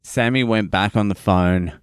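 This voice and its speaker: A man's voice: lowish voice, measured pace, clear, resonant tone, no room sound, studio quality. A man with an Australian accent, hosting a podcast and telling a story in a blunt, profane, casual way. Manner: profane, blunt, animated retelling. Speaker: podcast host.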